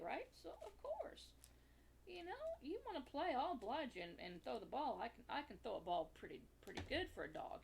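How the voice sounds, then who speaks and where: A woman's voice: medium pitch, gravelly, darkish tone, slight background noise. A woman vlogger telling a casual, rambling story, full of fillers and amused asides. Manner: chatty and amused. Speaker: crafting vlogger.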